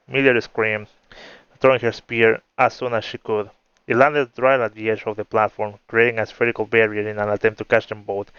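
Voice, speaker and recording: A man reading a fantasy story aloud in a steady narrating voice, in a muffled recording. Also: on the low side, smooth, no room sound. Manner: steady narration, laughs between chapters. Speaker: story reader. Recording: muffled with faint music.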